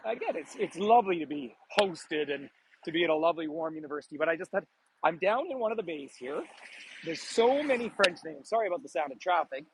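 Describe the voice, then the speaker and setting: Against a noisy background, a man with a slightly high voice talks fast with big pitch swings. He's a tour guide on a live walking vlog by a frozen bay, filmed on a gimbal-mounted phone, chatting, laughing often and greeting viewers by name.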